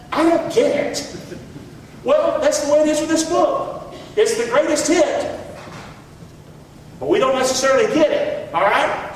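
With a very high voice, a male pastor delivers a call-and-response sermon, getting the congregation to repeat after him. He's captured from far away in an echoey hall, along with a little hiss or hum.

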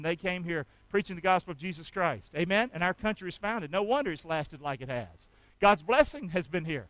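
High, bright-voiced preacher. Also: male voice, no echo, rough recording. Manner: call-and-response, urging the congregation to repeat after him; emphatic, swinging between loud exhortation and quiet asides. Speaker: pastor. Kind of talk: sermon.

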